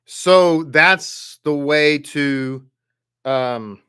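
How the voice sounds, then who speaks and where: A man teaching a Hebrew reading class, patiently sounding out letters and syllables, with halting restarts and frequent check-ins. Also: on the high side, fairly bright tone, clear, resonant tone. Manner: patient, repeats sounds slowly for learners. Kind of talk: online class instruction.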